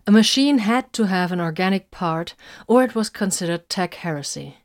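A woman narrating a story in scripted narration, reading in a measured, even way. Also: mid-range voice, dry recording, studio quality.

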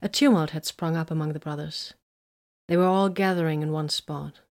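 A woman narrating a science fiction audiobook in an even, measured reading. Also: sits low.

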